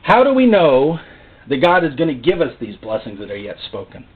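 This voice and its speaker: A man preaching a sermon in an animated way, often acting out God's voice and the people he quotes. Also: fairly high pitch, a little fast, slightly rough. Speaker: pastor. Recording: phone-like narrow sound.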